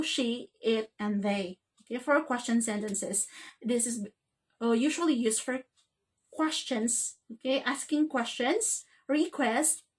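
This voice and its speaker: A woman teaching an English grammar lesson, checking in with "okay?" after nearly every phrase. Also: on the high side.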